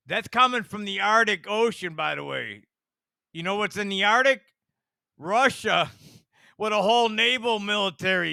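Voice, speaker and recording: Gravelly, bright-voiced rambling male commentator. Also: a little high, no room sound. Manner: rambling, profane, conspiratorial, asides and chuckles. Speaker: online commentator.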